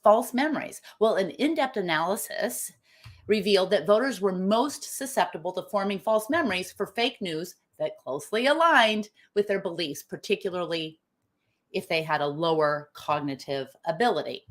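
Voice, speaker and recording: A woman hosting a live online talk, emphatic and animated, asking her audience questions as she goes. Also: mid-range voice, normal speed. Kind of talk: lively live-stream talk.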